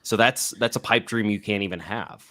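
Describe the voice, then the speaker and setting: Lower-voiced man in casual chat. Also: normal speed, bright, forceful tone. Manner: thinks aloud, stumbles and repeats words. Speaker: podcast co-host.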